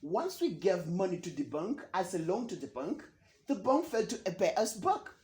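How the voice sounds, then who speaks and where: A man's voice: sits high, big pitch swings, normal speed, a little mellow. A comedian playing a boastful young man, speaking in a rambling, repetitive comedy monologue. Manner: rambling, boastful, repeats words. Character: boastful young Ugandan man bragging of football fame. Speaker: comedian doing an impression. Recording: roomy echo.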